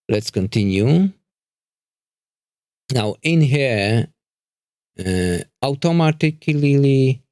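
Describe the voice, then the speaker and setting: A man walking through a microphone unboxing in a second language he is still learning, halting and restarting as he searches for words. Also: mid-range voice, darkish tone, dry recording. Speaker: tech reviewer. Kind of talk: product unboxing and walkthrough.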